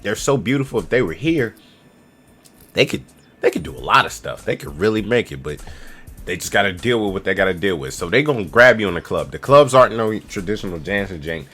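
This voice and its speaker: Bright-voiced slangy young man. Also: fairly low pitch, lively intonation, brisk, slightly rough, faint music behind. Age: 20s. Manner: loose, slangy, rambling delivery. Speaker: travel vlogger. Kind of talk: casual spoken advice to camera.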